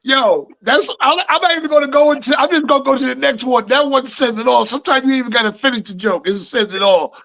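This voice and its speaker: A high-pitched man with a New York accent, bantering on a sports podcast. His tone is bright and cutting, and his talk is loose, profane and full of jokes and rap quotes. He sounds like a regular host. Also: quick pace, creaky, hardly any pauses. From Brooklyn, New York.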